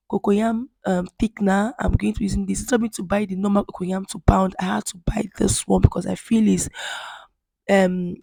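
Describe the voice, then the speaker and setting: Nigerian woman with a worn, gravelly voice. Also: mid-range voice, a little mellow, no room sound. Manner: chatty and rambling, talks straight to viewers. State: voice worn down after illness. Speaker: cooking vlogger. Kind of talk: casual cooking vlog chat.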